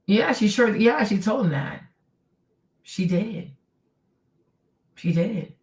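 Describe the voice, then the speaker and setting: A woman's voice: medium pitch, animated, takes it slowly, darkish tone, roomy sound, far from the mic. A woman hosting her own stream, ranting in casual commentary, sarcastic and profane, often mimicking people she talks about. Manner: heated, sarcastic, profane, mimics others in quotes. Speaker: streamer host.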